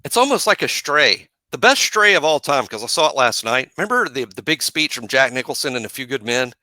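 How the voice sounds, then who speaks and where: A man's voice: mid-range voice, big pitch swings, fairly quick, dry recording. A man hosting a sports podcast in casual chat, telling stories and acting out quotes. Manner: storytelling, acts out quotes loudly. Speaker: podcast host.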